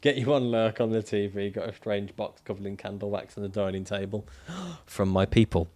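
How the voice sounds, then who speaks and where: A man's voice: on the low side, moderate pace, mellow. A man livestreaming casually, reading out viewer comments and answering them in a jokey, profane way and laughing often.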